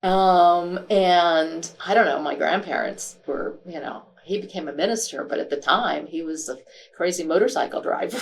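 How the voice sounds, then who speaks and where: A woman author as a podcast interview guest, speaking reflectively and halting with frequent fillers. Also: fairly low pitch.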